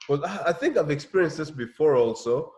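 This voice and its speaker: A man from Africa hosts a relaxed interview, speaking a bit higher than most men. He is thoughtful and often restarts his phrases while he sums up what his guest has said. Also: brisk. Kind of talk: casual interview chat.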